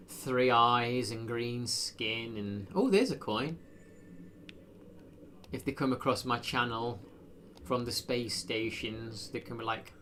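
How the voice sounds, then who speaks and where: A man's voice: medium pitch, a bit bright, slight background noise. Rambling man streaming a game. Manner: rambling, self-deprecating, frequent fillers. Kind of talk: casual gameplay live stream.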